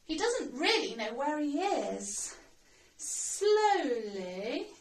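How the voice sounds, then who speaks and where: A woman's voice: high voice, animated. Lady teacher, sounds out words bit by bit, mic a little far off. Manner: slow, sounds out words letter by letter. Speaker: primary school teacher. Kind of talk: recorded writing lesson. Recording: roomy sound, mic at a distance.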